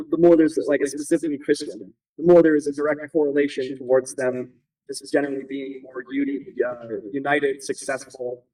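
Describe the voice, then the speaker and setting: A man rambles through his points in a loose interview chat, full of fillers and restarts. He sits a little back from the mic, so his voice sounds distant. His pitch sits in a middle range. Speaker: guest. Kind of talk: conversational interview.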